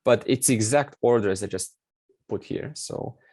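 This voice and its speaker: A man's voice: fairly low pitch, moderate pace, dark tone, no echo. A man teaching a Sanskrit class online, explaining step by step and repeating key words with many fillers.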